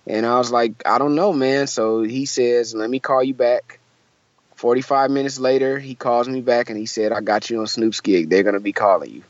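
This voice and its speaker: Animated man telling a story, dry sound. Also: medium pitch, moderate pace, no room sound, highs cut off. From Michigan, USA. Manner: animated storyteller, acts out quoted voices, lots of fillers. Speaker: musician guest. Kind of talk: casual storytelling interview.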